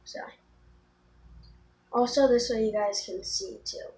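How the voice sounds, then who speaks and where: A woman's voice: a little high, steady tone, slow pace, mellow. A teenage girl chatting casually through a makeup tutorial, rambling with ums and restarts. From Florida. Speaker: beauty vlogger.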